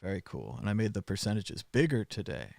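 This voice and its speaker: A man's voice: fairly low pitch, sing-song, fairly quick, creaky, no echo, clean studio sound. A man hosting a casual news commentary livestream, chatty and sarcastic, with lots of filler sounds. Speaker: show host.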